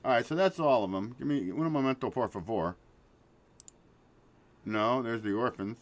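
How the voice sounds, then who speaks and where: Excitable swearing male livestream host. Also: medium pitch, normal speed, faint music behind. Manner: excitable, swearing, laughs often, trails off mid-sentence. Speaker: show host. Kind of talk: casual livestream chat.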